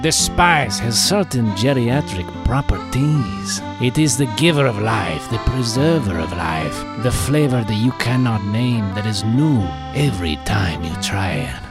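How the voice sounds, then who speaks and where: A man voicing a smooth male spice merchant in a mock French accent, selling with a drawn-out, crooning pitch. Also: animated, over music. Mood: crooning sales pitch.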